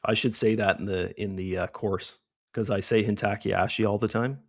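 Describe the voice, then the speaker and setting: A man's voice: fairly low pitch, fairly even intonation, moderate pace, no room sound, clean studio sound. A middle-aged man hosting a live trading stream, chatty and casual, who keeps checking in with "right?".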